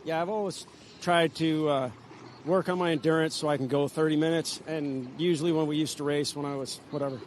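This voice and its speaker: An older man, out of breath after winning a race, answering interview questions in a halting, modest way. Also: on the high side, fairly even intonation, slight background noise. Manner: halting, restarts sentences, modest. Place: outdoors at a racing venue.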